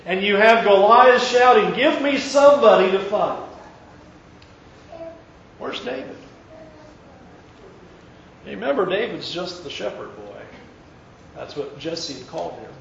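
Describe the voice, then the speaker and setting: A man preaching, retelling a story with lively, acted-out dialogue. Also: high voice, a little slow, gravelly, pauses often, echoey room, highs cut off, a little hiss or hum. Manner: animated retelling, acting out quoted characters. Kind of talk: sermon storytelling.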